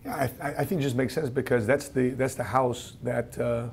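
A man from the Philippines hosting an interview, telling stories eagerly and chiming in with quick agreement. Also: medium pitch, fairly even intonation, a little hiss or hum. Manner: eager, storytelling, quick affirming "yeah"s. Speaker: podcast host. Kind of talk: casual interview chat.

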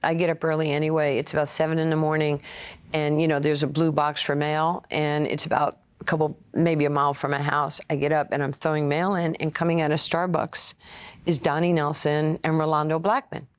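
A woman's voice: low-pitched, flat delivery, fairly quick, clear, resonant tone. A woman, telling stories as an interview guest and acting out the voices of the people she quotes. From Brooklyn, New York. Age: 60s. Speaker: interview guest, former player and coach. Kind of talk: conversational storytelling.

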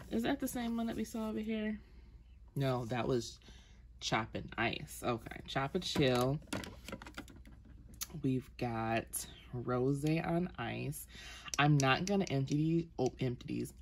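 Slow, gravelly-voiced woman chatting about makeup. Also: very deep voice, background noise. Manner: chatty, rambling, trails off with ums and self-corrections. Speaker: beauty vlogger. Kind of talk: casual makeup collection walkthrough.

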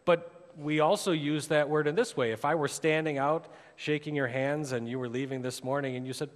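A man's voice: lively intonation, a little fast, few pauses. Preacher man in a reverberant church. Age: adult with a daughter. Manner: storytelling preacher, rising for drama, dropping low for emphasis. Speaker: pastor. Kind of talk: sermon. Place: church sanctuary. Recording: long church hall reverb.

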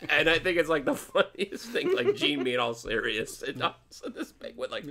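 A man's voice: a little high, sing-song, fairly quick, sharp tone. Podcast host guy, playful questions, voice swings way up and down. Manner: playful, asks lots of follow-up questions. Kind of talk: casual interview chat.

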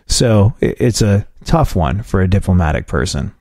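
Male talk-show host with a low, mellow voice and a dry studio mic, for casual animated storytelling. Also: moderate pace, vocal fry, hardly any pauses, dry recording. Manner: animated anecdote-telling, quotes his dad in a lower voice.

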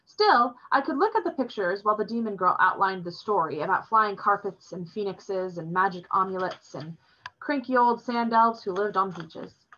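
A woman reading a novel chapter aloud in a steady storytelling manner. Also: mid-range voice, moderate pace. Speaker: reader. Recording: dull lo-fi recording.

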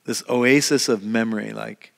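Conversational pastor preaching in a reverberant hall. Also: male voice, fairly low pitch, steady tone, normal speed, vocal fry. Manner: conversational, repeats words, acts out quoted prayers. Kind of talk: sermon. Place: church hall. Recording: long reverb of a church hall.

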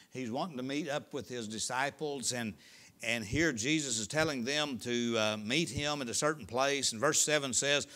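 Folksy preacher man with a bright voice. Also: mid-range voice. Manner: folksy, storytelling preacher with dramatic swings from loud to hushed. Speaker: pastor. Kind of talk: sermon. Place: church sanctuary.

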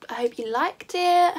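A teenage girl talking casually through her makeup routine, chatty and self-mocking, drifting into rambling asides. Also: very high-pitched. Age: teens. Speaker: beauty vlogger. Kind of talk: casual makeup tutorial chat.

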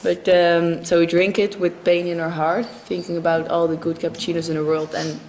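A woman's voice: on the low side, level tone, moderate pace, a little mellow, a little hiss or hum. A young Dutch woman chatting casually in a vlog, bubbly and giggly, mixing Dutch and English. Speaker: vlogger.

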